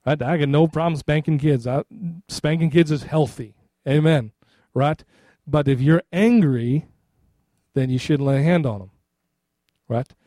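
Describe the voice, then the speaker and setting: A middle-aged pastor preaches in a loose, conversational style, repeatedly asking the congregation "right?" His fairly high, mellow voice is unhurried, captured in a dry, studio-quality recording.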